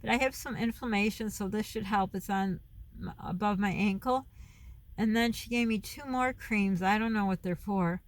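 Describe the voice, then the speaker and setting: A woman's voice: medium pitch, normal speed. Chatty, rambling middle-aged woman vlogger. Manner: rambling, loses her thread and veers off topic; chatty, with frequent laughs. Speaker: vlogger and mom. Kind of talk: casual chat to camera. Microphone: camera phone.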